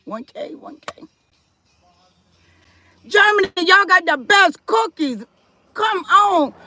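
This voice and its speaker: A woman with a high, bright voice hosts a livestream, chatting and reading viewer comments aloud while standing firm about respect. She speaks slowly with lively intonation over soft background music, and the sound is dry and close with no room echo.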